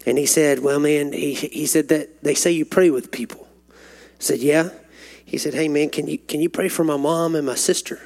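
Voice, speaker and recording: A man's voice: fairly even intonation, moderate pace, creaky, a little mellow. A man preaching a sermon, telling stories and building to fervent, climbing peaks. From Texas. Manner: rising to fervent, climbing pitch when stirred.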